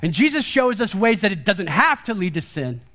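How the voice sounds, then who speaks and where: Chatty, high-voiced male preacher. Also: normal speed. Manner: casual and chatty, peppered with "like" and "kind of"; animated, acts out quoted speech with a raised voice. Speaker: guest preacher. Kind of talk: conversational sermon. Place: church service.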